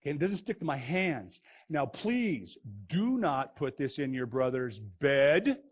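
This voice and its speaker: A man teaching a playful science demo for kids, goofy and excitable, joking as he goes. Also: mid-range voice, measured pace.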